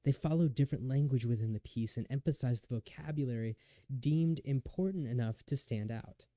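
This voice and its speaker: A young man delivers a lecture in a very mellow, warm voice at a middle pitch. He talks in an earnest, measured way, sometimes restarting a word. The sound is close and dry. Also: no echo. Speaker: student lecturer. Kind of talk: lecture recital narration.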